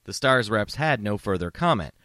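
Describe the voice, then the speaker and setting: Man, comedy podcast host, sarcastic rant, swearing a lot, very lively pitch, bright edge. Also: normal speed, dry recording, clean studio sound. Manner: sarcastic, profane, mock-outraged.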